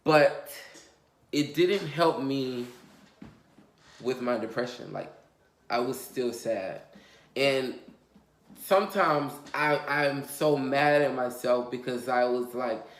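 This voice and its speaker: Guy telling his storytime vlog, all over the place and cussing, mid pitch, kinda echoey room. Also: slow pace, pauses often, a little hiss or hum. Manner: rambling and emotional, heavy on fillers and swearing. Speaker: vlogger. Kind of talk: confessional storytime. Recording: roomy echo.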